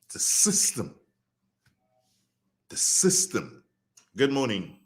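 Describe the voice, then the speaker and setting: Animated Grenadian radio host. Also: male voice, mid-range voice, takes it slowly. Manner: animated, preachy, repeats phrases for emphasis. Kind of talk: radio talk show commentary.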